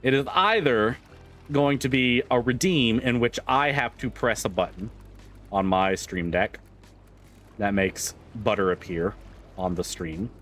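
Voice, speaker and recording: A man's voice: medium pitch, a little slow, fairly bright tone, soft background music. A man livestreaming, chatting casually with viewers, laughing often, swearing freely and rambling through restarts. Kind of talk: casual chat with stream viewers.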